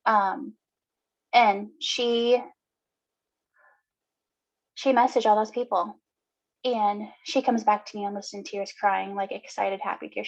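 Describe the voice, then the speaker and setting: A woman giving earnest, encouraging advice in a casual talk, often pausing on "um". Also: mid-range voice, fairly even intonation. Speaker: co-host. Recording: dull lo-fi video call audio.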